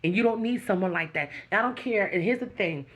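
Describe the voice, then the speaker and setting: A woman's voice: mid-range voice, quick pace, low-quality recording. A woman hosting her own channel, talking straight to her viewers with earnest, preaching encouragement. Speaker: YouTube channel host. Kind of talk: emotional direct-to-camera talk.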